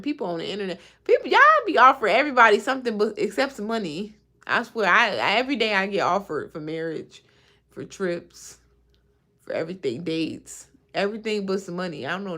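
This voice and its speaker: A woman's voice: medium pitch, bright, forceful tone. A woman in her thirties hosting a casual livestream, chatting and reacting to viewer comments, often laughing. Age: 30s. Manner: laughs often while talking. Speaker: livestream host.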